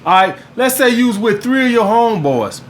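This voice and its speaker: A man's voice: very high voice, very animated, brisk, a little hiss or hum. A man hosting a dating advice vlog, talking casually in a blunt, profane way and calling his viewers "guys" again and again. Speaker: dating advice channel host.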